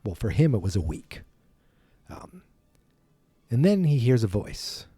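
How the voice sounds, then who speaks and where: A man's voice: medium pitch, very animated, a little slow, dark tone, husky, no echo. A man hosting a podcast, casually retelling a film from memory in a rambling, self-deprecating way. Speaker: podcast host.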